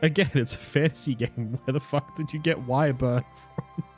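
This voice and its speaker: A man's voice: medium pitch, moderate pace, soft background music. A young man casually commenting on his own game stream, rambling, correcting himself, swearing and laughing now and then. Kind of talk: casual live gameplay commentary.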